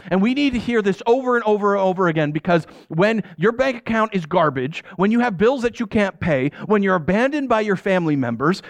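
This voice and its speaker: A man's voice: high voice, dry recording. A middle-aged man preaching a conversational sermon as a pastor. He repeats phrases for emphasis and acts out quoted voices.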